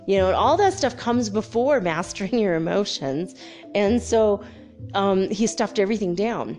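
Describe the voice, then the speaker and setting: A middle-aged woman telling a spiritual story in a candid, animated way, laughing often and acting out what others said. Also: mid-range voice. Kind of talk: casual spoken storytelling.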